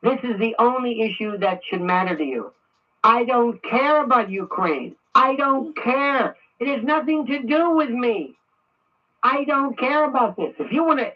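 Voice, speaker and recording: A man's voice: very high-pitched, far from the mic. A man hosting a political talk radio show, ranting angrily and repeating himself. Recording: muffled radio audio from afar.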